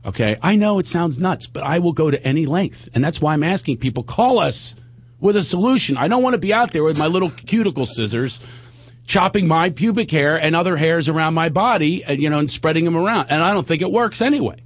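A middle-aged man hosting a radio talk show, telling a story in a casual, animated way and laughing as he acts out what people said. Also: fairly high pitch, brisk, slightly rough.

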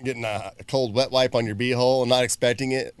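A man's voice: medium pitch, quick pace, clean tone. A man co-hosting a show, trading jokes and telling funny stories in casual banter. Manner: joking, animated storyteller. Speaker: radio show co-host.

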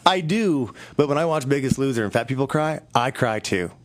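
A man's voice: medium pitch, expressive, brisk, no room sound. A man hosting a radio show, chatting casually and rambling with stammers and restarts. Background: music.

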